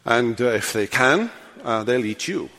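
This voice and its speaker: An older man preaching a sermon as pastor, swinging from loud, animated passages to hushed, quiet endings. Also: mid-range voice, measured pace, in a large hall. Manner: animated preaching, rising loud then dropping to hush. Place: church sanctuary.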